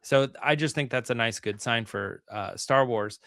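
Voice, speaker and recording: Man co-host, easygoing and hesitant, mid-pitched voice, dry sound. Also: moderate pace, gravelly, a bit bright, dry recording. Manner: easygoing, hesitant, full of fillers and restarts. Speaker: podcast co-host. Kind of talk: casual podcast chat.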